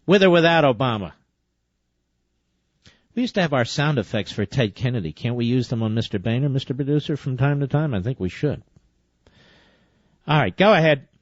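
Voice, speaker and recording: Sarcastic, combative talk radio host. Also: male voice, medium pitch, animated, a little fast, long pauses, no echo. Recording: dull lo-fi radio broadcast.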